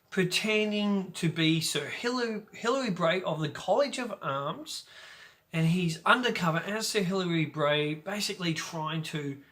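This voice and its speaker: A man hosting a casual video film review, talking in an energetic, jokey and playful way. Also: high-pitched. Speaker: host of a film review channel.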